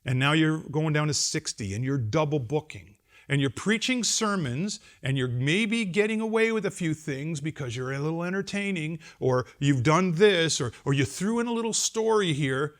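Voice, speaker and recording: Animated pastor addressing students. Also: male voice, fairly high pitch, normal speed. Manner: animated, swinging between loud emphasis and quiet asides; wry humor and acted-out quotes. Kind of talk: conference address to seminary students. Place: seminary campus lecture.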